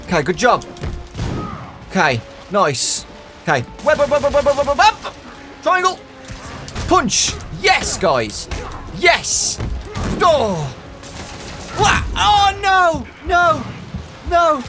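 A young man with a very high, lively voice calls out his moves in a breathless stream of excitement, with shouts and giggles. He speaks in unhurried bursts, and game music plays underneath. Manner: excitable, loud exclamations, giggly, talks to viewers as "boys". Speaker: gaming YouTuber. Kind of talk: excitable let's-play commentary.

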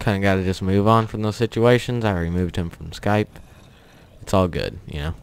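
Low-voiced young man rambling casually. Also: normal speed, creaky, clear, resonant tone. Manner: rambling, chuckling, offhand storytelling. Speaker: gaming channel host. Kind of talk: casual commentary over gameplay.

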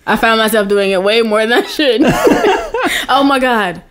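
Giggly young woman with lively pitch. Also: a little slow. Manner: giggly, rambling, lots of "like". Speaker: podcast guest. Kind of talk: casual chat.

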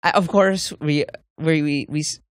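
A man's voice: a little high, steady tone, normal speed, clear, resonant tone, dry recording, clean studio sound. A man with a Filipino accent co-hosting a podcast, joking and rambling in casual chat. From Philippines. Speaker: podcast co-host.

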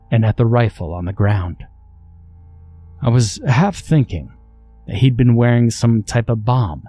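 A man narrating a first-person horror story with a measured, dramatic storytelling delivery. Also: fairly low pitch, warm tone.

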